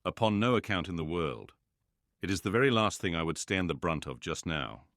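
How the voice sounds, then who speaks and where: A quick-witted young heroine speaking with studied carelessness, read by a man. The voice remains very low, close and dry. It is read for an audiobook of a classic novel. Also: lively intonation, fairly bright tone, no echo. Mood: evasive. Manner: careless, laughing off.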